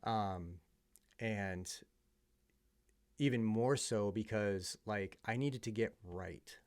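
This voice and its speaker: A man's voice: on the low side, slow pace, a little mellow, clear, resonant tone. A man telling his personal story as a podcast guest, earnest and heartfelt, with many fillers. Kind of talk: personal testimony in conversation.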